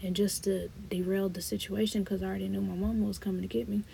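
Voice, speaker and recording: A woman tells her own story in a low, mellow voice with a gravelly fry. She acts out the back-and-forth as she goes and speaks straight to her listeners. Faint background noise sits under the voice. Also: flat delivery, fast. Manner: reenacts dialogue, talks to listeners as y'all. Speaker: podcast host. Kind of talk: personal storytelling.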